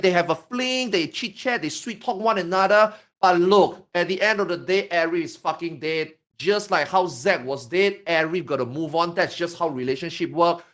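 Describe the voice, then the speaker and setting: A man from Singapore in casual podcast chat, telling stories in an animated, profane, emphatic way. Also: fairly high pitch.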